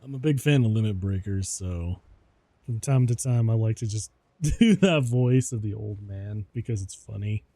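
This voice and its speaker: Dry, mellow man streaming a game. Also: fairly low pitch, normal speed, no echo. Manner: laughs often, self-deprecating, chatty. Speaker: VTuber streamer. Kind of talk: gaming stream commentary.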